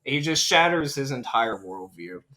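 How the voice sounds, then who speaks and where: A man's voice: mid-range voice, big pitch swings, pushed and bright. A young man casually recapping a film on a podcast, rambling and joking as he quotes the characters. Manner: rambling, jokey storytelling with quick character quotes. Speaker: podcast co-host.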